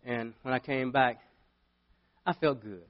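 A middle-aged male pastor preaching a sermon, telling a story with big swings from loud to hushed. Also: mid-range voice, a little slow, muffled recording.

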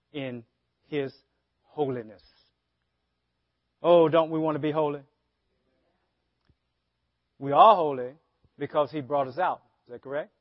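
Man preaching, slow unhurried delivery, rhetorical questions to the congregation, dull lo-fi dry sermon audio. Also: medium pitch, dry recording. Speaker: pastor.

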